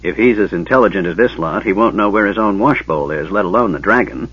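A man's voice: lowish voice, animated, quick pace, breathy edge, no room sound. A man voicing a stern, proud male knight who growls his words. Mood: gruff. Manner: growling, scornful. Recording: dull lo-fi tape, dry.

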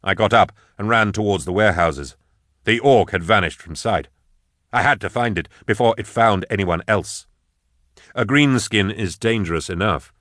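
Low-voiced man narrating a grim tale. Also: fairly bright tone, no echo, studio quality. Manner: measured, grave storytelling delivery. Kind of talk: audiobook narration of dark fantasy fiction.

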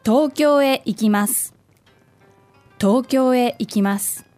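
A native Japanese speaker co-hosts a language podcast, modeling each phrase carefully and repeating it for learners before answering questions in short sentences. Her voice is on the high side, a little slow, and darkish in tone. There's no room sound, with faint music behind her.

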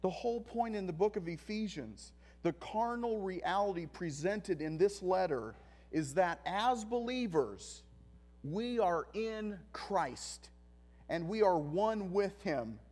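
A male pastor preaching a sermon, emphatic, with deliberate pauses and repeated phrases. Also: high-pitched, animated, a little mellow.

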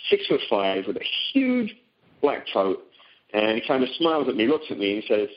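A man's voice: mid-range voice, huge pitch swings, normal speed. A middle-aged man speaking on a phone seminar, talking casually with many ums and restarts. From Britain. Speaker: teleseminar guest. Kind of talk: conversational phone seminar talk. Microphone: phone call. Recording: dull lo-fi call audio.

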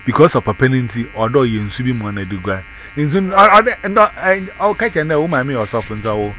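A man's voice: medium pitch, lively intonation, fast, fairly bright tone, soft background music. A man, telling a story in casual chat and switching between Twi and English. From Ghana.

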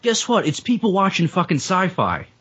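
A man's voice: sits high, huge pitch swings, moderate pace, a bit bright, slightly rough. A young man in a casual group chat, ranting heatedly and swearing often. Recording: muffled lo-fi recording.

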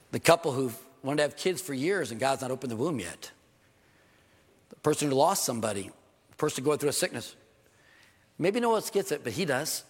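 An older man preaching a sermon as pastor in church, earnest and emphatic, repeating key phrases. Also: mid-range voice. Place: church sanctuary. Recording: long hall reverb.

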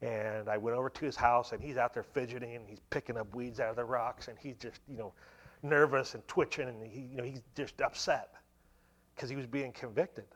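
A man's voice: mid-range voice, steady tone, a little fast. A man in his forties giving a church testimony, telling the story conversationally and filling it with many asides. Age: 40s. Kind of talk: sermon testimony.

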